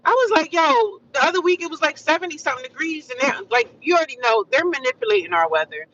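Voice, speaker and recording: An American woman chatting casually with her livestream viewers, animated and repetitive, calling them honey and sis. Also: high-pitched, fast talker, far from the mic, dull audio, slight background noise. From United States. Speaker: livestream vlogger.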